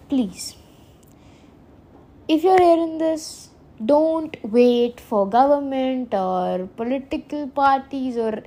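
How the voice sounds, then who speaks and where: A woman's voice: high-pitched, dark tone. Chatty woman hosting a podcast. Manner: rambling and earnest, self-correcting, laughs often. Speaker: podcast host. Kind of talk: casual solo podcast monologue.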